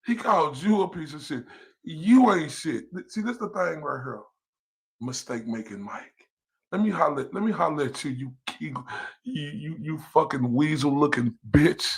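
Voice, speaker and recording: Speaking at a normal pace in an animated way, a male livestream host who lives in Dallas, Texas goes on a profane, taunting, confrontational tirade. His voice sits on the high side, gravelly with a breathy edge.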